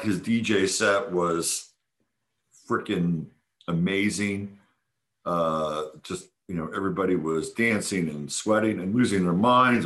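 Deep-voiced with a touch of brightness, a podcast host talks animatedly about a weekend event. He rambles casually on his own, repeatedly restarting and using lots of filler words.

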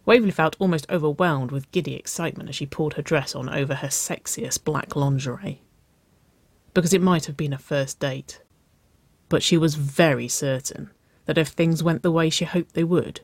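Dry, unhurried audiobook narrator. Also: medium pitch, no room sound. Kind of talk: scripted narration.

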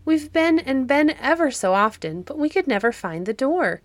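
A woman's voice: sing-song, moderate pace, no room sound. A woman reading a storybook who voices eager young children in a raised, pleading voice. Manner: eager and pleading, pitched higher.

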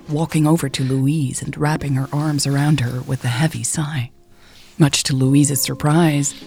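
Woman narrator, low voice, gravelly fry, soft whispery reading, faint music behind. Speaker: audiobook narrator. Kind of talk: scripted narration.

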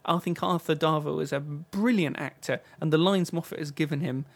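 A man's voice: on the high side, fairly quick. A man hosting a podcast, giving his opinions in casual chat and reading mock news items. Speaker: podcast host.

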